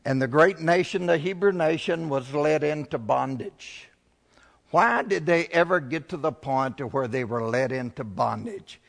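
A man's voice: on the high side, measured pace, creaky, big-room sound. A male pastor preaching a sermon, building to emphatic, rising swells.

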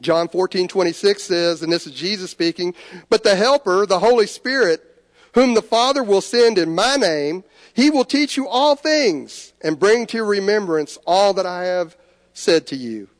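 High-voiced man preaching in a reverberant sanctuary. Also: animated, normal speed. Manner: earnest, shifts between soft pleading and lifted emphasis. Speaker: pastor. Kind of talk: sermon. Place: church sanctuary.

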